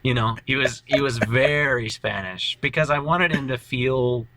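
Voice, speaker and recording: A man's voice: mid-range voice, normal speed, sharp tone, dry recording. A man co-hosting a casual podcast about tabletop role-play, rambling animatedly with lots of fillers. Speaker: podcast co-host, tabletop player.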